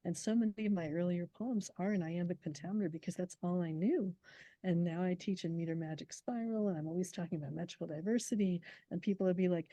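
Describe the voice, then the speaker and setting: A middle-aged woman poet talks through ideas in a casual interview. Her voice sits a little low and sounds mellow, and she gets animated, sometimes speeding up and laughing as she explains. The recording is dry and close. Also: dry recording. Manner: animated, fast when excited, laughs while explaining.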